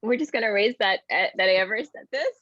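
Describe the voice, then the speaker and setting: A woman's voice: mid-range voice, expressive, fast, fairly bright tone, dry recording. Giggly woman guest on a dull, dry call. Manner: giggly, flustered. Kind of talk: casual chat.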